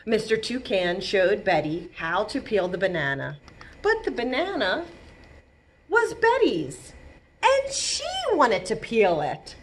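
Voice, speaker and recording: A woman librarian reading a picture book aloud for babies, in an animated, sing-song storytime manner, sometimes acting out a toddler's wails and screams. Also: medium pitch, takes it slowly, slightly rough. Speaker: children's librarian.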